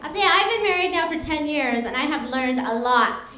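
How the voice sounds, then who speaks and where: A woman's voice: high voice, animated, fairly quick, sharp tone, a faint crowd. A woman in her thirties performing a stand-up comedy set, bubbly and laughing at her own jokes as she acts out voices. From United States. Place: comedy club stage. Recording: echoey club room.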